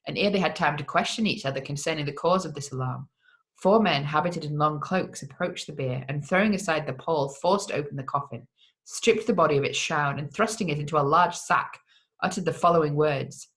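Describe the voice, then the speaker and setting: A measured narrator reading old gothic fiction aloud at a mid pitch. The delivery is deliberate and steady, with the occasional stumble corrected on the spot. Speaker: audiobook reader.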